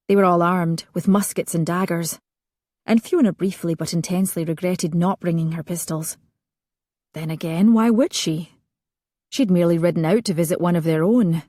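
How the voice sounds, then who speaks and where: A woman narrating a romance audiobook with measured storytelling. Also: on the low side, dark tone, dry recording, clean studio sound.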